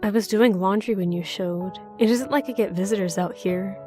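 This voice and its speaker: A gruff older southern recluse voiced by a woman with a Southern accent. He talks in a curt, stern, ominous way at a mid pitch. Faint music plays under the storybook reading. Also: normal speed, natural voice. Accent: American Southern.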